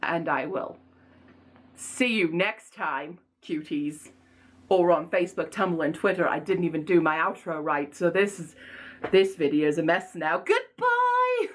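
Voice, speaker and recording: A young woman chatting casually to camera as a book vlogger, animated, rambling and self-mocking. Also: low-pitched, measured pace, slight background noise.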